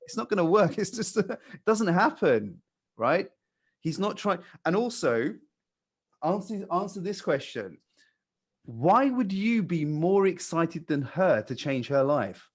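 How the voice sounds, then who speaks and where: A male sales trainer walking new staff through a call. He talks calmly and bluntly in a voice pitched a little high, with casual swearing. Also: slow, breathy edge. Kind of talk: coaching new hires.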